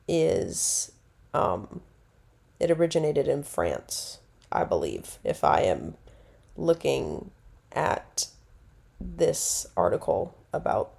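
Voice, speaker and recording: A woman's voice: low-pitched, creaky, a little mellow. A woman, hosting a casual solo podcast and rambling chattily, correcting herself as she goes. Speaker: podcast host.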